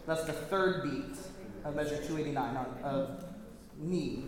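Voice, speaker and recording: Choir director, male, high voice, chatty and detailed, long hall reverb. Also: a little slow, a crowd in the background. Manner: chatty, detailed, self-correcting. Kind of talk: choir rehearsal instruction. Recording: echoey hall, faint noise.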